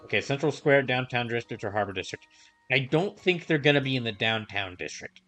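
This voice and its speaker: A man's voice: medium pitch, expressive, a little fast, fairly bright tone, soft background music. A man streaming a game, musing aloud in a casual way and correcting himself as he goes. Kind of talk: casual live game commentary.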